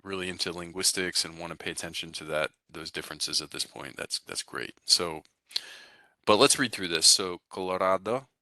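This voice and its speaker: A man's voice: deep voice, normal speed, pushed and bright, no echo, studio quality. A man teaching a language class, explaining pronunciation rules in a casual, rambling way with many fillers and restarts. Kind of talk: recorded class lecture.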